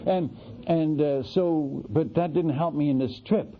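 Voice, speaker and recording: A man, a missionary preacher, tells a story from the pulpit in an animated, folksy way, often restarting his sentences. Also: on the high side, a little slow, slight background noise. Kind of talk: storytelling sermon. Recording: tinny, lo-fi radio broadcast.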